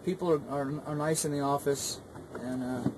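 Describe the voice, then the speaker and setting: A man's voice: on the high side, steady tone, normal speed. A man who drives trucks for a living, ranting bluntly to his viewers from his cab, repeating himself and trailing off into mutters. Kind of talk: casual rant to camera. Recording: noisy cab with engine hum.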